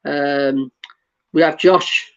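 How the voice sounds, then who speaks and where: A man hosting a casual football chat show, easygoing and quick to laugh, reading out comments from viewers. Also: fairly high pitch, fairly even intonation, lo-fi sound. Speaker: show host.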